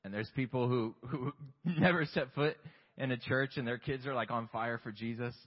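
A man's voice: medium pitch, moderate pace. A man preaching a conversational sermon, candid and self-deprecating, full of rhetorical questions. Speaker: pastor. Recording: long hall reverb, dull lo-fi sound.

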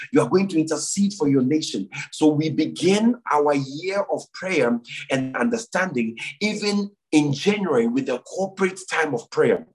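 Husky-voiced man leading church prayers. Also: on the high side, rough recording. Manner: repeats phrases for emphasis, earnest exhortation. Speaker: pastor. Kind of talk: sermon and church announcements.

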